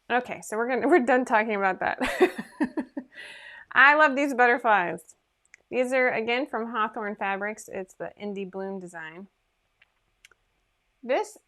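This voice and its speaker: A woman's voice: medium pitch, a bit bright. Chatty, self-deprecating woman livestreaming at home. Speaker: host of a sewing livestream. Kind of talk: casual livestream chat.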